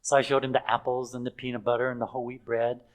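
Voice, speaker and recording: A man's voice: mid-range voice, little pitch movement, quick pace, rough recording. An older man preaching in a chatty storytelling way, with fillers and frequent chuckles. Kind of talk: anecdotal sermon.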